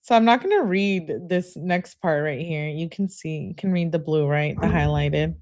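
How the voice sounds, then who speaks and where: A woman's voice: low voice, normal speed, darkish tone. A woman hosting a casual livestream, chatting and reading messages aloud with awkward, laughing asides. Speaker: streamer host.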